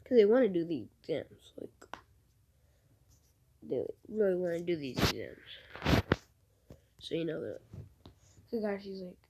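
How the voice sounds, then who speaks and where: A woman's voice: on the low side, very animated, a little slow, long pauses, heavy background noise. A woman casually retelling an invented fan story, rambling through events and recounting dialogue with "he's like", often dropping to a near whisper.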